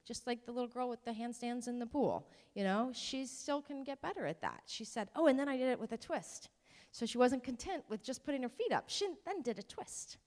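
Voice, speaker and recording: A woman's voice: a little high, lively intonation, fairly quick, hardly any pauses, a little mellow. Chatty woman presenter in a reverberant hall. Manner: conversational, with ums and self-deprecating asides. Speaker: presenter at a parent workshop. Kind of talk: informal talk to parents.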